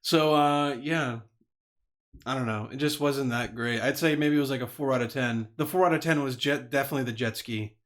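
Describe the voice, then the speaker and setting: A man co-hosting a casual comedy podcast, animated and swearing, often laughing and tripping over his words. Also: medium pitch, fairly quick. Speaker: podcast co-host.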